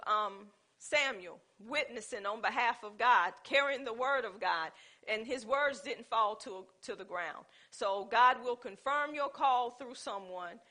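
A woman preaching a sermon in a conversational, storytelling way, speaking. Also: a little high. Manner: animated, conversational, with dialect and storytelling.

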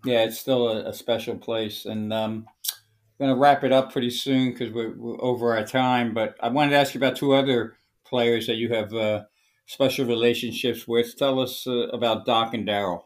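Low-key male podcast host. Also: fairly even intonation, moderate pace. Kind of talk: casual interview chat.

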